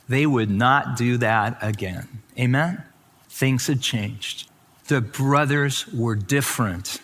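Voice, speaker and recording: A man preaching a sermon, acting out scripture quotes with sudden rises and soft drops. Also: expressive, takes it slowly. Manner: dramatic, acts out quotes with rising pitch and stretched words. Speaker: pastor.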